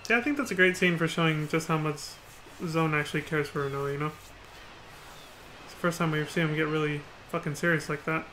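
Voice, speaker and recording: A man gives casual, profane game commentary in a high, very bright, sharp voice. He talks straight into a desk mic, with a faint hiss in the background. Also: a little fast. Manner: casual, swears and acts out lines. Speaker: streamer. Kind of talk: gameplay commentary.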